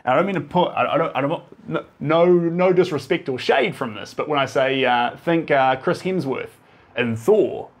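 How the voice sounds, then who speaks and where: A man in his thirties with a New Zealand accent, a painter chatting casually on a live stream, rambling and reading out viewer comments with a fairly even drawl. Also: a little high, moderate pace. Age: 30s. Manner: self-described monotone drawl.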